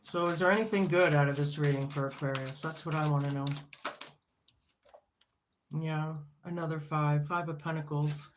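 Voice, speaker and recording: A woman's voice: deep voice, steady tone, normal speed, pauses often, background noise. A woman giving a casual tarot reading on video, blunt and swearing freely as she talks through the cards and to herself. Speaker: tarot reader.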